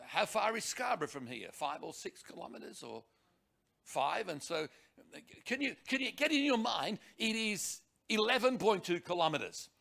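Animated, high-pitched male preacher. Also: normal speed, gravelly. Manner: animated, emphatic, rhetorical questions and repetition. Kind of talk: sermon.

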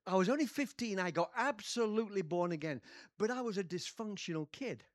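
An older man from England with an English accent, preaching a sermon with personal stories, shifting between quiet telling and loud bursts. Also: high voice, animated, a little fast, dry recording, clean studio sound. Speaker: pastor.

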